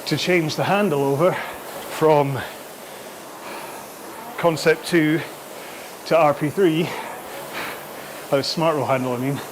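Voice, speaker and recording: A man's voice: fairly high pitch, steady tone, takes it slowly, pauses often, noisy background. A man hosting a live rowing workout, chatty and out of breath between sprints, on a throat-worn microphone in his home studio. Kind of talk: live follow-along workout chat.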